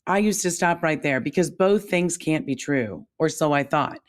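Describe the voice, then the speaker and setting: A woman co-hosting a podcast, talking in a reflective, animated way that jumps up when she stresses a point. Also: moderate pace. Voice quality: calls her own voice squeaky. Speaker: podcast co-host. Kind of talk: casual chat.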